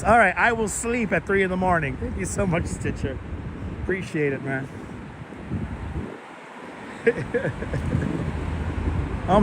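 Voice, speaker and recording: A man hosts a casual walking live stream and chats easily with viewers and the animals he passes. His voice sits high, and he talks through a clip-on mic. Clear street traffic and wind noise surround him outdoors. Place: outdoors on a city street at sunset. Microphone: wireless clip-on mic.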